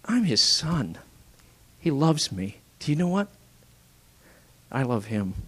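A man preaching a sermon in a dramatic way, swinging from forceful emphasis to hushed whispers, with repeated rhetorical questions to his listeners. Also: medium pitch, sing-song, slow pace, breathy edge. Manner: repetitive, rhetorical questions to the congregation.

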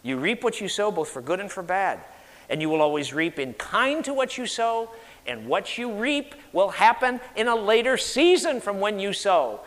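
Male pastor, emphatic call-and-response sermon, high lively voice, reverberant sanctuary. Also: moderate pace. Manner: emphatic, leads congregation in call-and-response repetition. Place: church sanctuary. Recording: long hall reverb.

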